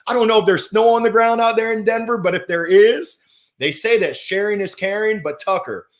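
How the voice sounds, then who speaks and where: A man hosting a motivational livestream, talking with playful energy and giving shout-outs to viewers. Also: high voice, brisk. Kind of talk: upbeat motivational livestream talk. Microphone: gold microphone.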